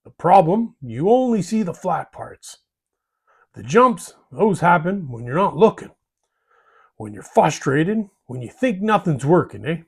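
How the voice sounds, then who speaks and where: A man's voice: a little high, sing-song, a little slow, vocal fry, darkish tone, slightly rough. A man hosting a hobby channel, delivering a scripted monologue in a folksy way, ending lines with "eh?" and "bud".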